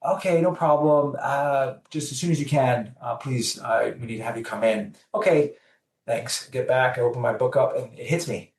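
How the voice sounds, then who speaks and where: A man's voice: mid-range voice, moderate pace, reverberant, recorded from a distance. A man telling a personal story as a podcast guest, acting out the voices of the people in it. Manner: animated storyteller acting out dialogue. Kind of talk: storytelling in an interview.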